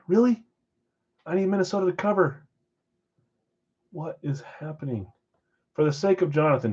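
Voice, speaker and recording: A man hosting a live-stream card break, briskly calling out names and assignments with chatty asides in between. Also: fairly high pitch, darkish tone, lo-fi sound. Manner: brisk name-and-team roll call with chatty asides. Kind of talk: casual live-stream roll call.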